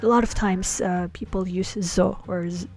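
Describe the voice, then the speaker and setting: A woman's voice: lowish voice, fairly even intonation, normal speed, a little mellow, soft background music. A woman teaching a Hebrew lesson, patiently explaining grammar step by step with many small fillers. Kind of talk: explaining slides in a language lesson.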